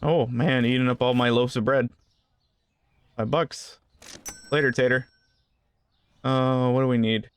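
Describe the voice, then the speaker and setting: A man's voice: medium pitch, clean tone. A man giving casual gameplay commentary, rambling through asides and joking with the customers in the game. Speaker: gaming channel host.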